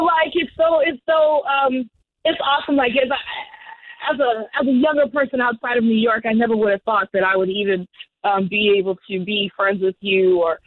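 Woman guest, casual and rambling, quick to laugh; dry, dull-sounding line. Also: mid-range voice, dry recording. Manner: laid-back, laughs easily, rambling asides. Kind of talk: casual radio interview chat.

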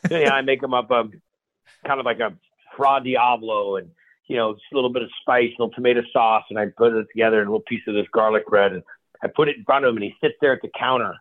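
A man of middle pitch tells energetic, animated stories as a guest, often repeating and restarting his phrases. He calls in over a dry, thin phone line with no room sound. He acts out the quotes with a lively push. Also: fast, no room sound. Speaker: guest chef. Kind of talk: animated storytelling on a radio show.

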